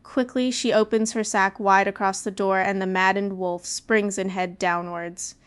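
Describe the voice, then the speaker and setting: A woman narrating a fairy tale in a lively storytelling manner. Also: mid-range voice, a little slow, clear, resonant tone. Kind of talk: storybook reading.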